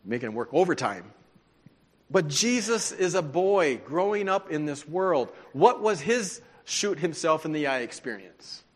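A man preaching a sermon, telling stories in an animated, conversational way. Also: fairly high pitch, a little slow. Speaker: pastor. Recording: long hall reverb.

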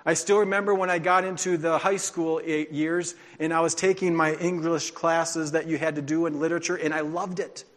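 A man's voice: on the high side, flat delivery, normal speed, hardly any pauses, fairly bright tone. A man preaching a sermon as a pastor, telling his own testimony in an earnest, confessional way. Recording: long hall reverb.

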